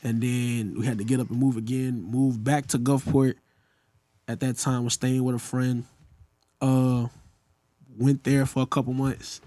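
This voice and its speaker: A man's voice: medium pitch, unhurried, dry recording. A young man from Mississippi with a Southern accent, telling stories as a podcast guest and acting out the people he quotes. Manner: animated storyteller acting out quoted voices. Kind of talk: casual podcast storytelling.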